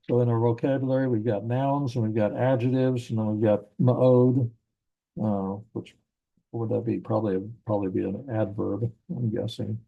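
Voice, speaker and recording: A man teaching a Bible language grammar class in a church classroom, patient and explaining step by step, repeating himself and slowing down on key words. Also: lowish voice, steady tone, vocal fry, phone-quality sound.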